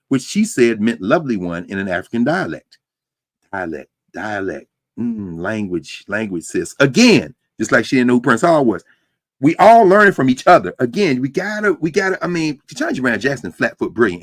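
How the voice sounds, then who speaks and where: Low-voiced man lecturing a class. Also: husky, dry recording. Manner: lively, conversational asides to students. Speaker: university lecturer. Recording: dry close sound.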